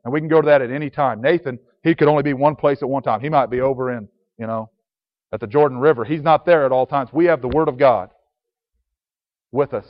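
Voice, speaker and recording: A man's voice: mid-range voice, quick pace. A man preaching a sermon earnestly, reading scripture aloud in old-fashioned biblical wording. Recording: dull sound with long reverb.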